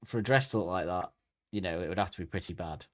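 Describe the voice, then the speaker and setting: A man's voice: sits low, fast, no room sound, studio quality. A man, co-hosting a podcast and chatting casually, joking and acting out quotes. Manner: animated, jokey, acts out quotes. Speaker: podcast co-host. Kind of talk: casual comedic chat.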